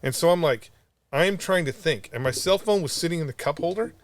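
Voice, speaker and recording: On a laid-back podcast, the co-host spins a meandering, expletive-filled story with plenty of energy. His voice runs somewhat high, and he talks a little fast.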